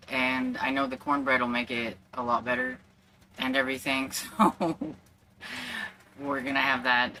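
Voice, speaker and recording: Chatty woman with a low, bright voice. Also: a little hiss or hum. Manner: rambling and chatty, with many fillers. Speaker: book vlogger. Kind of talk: casual chat. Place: at home.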